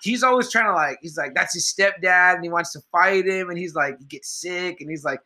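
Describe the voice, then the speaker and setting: A man with a bright, slightly high voice rambles through a casual movie chat. He swears freely and sounds a bit tipsy as he jumps from one story to the next. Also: brisk. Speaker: podcast co-host.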